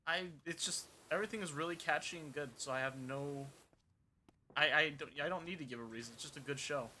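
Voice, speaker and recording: Man, game streamer, casual rambling commentary, bright tense voice, faint background noise. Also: mid-range voice, rough recording. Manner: rambling, joking, talks to himself while playing.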